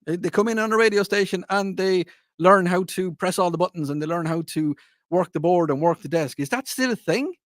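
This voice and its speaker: A man's voice: high-pitched, fairly even intonation, a little fast, no echo, studio quality. A man hosting a radio talk show, telling stories from his working life in a rambling way with many restarts and asking listeners to call in. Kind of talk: casual radio chat.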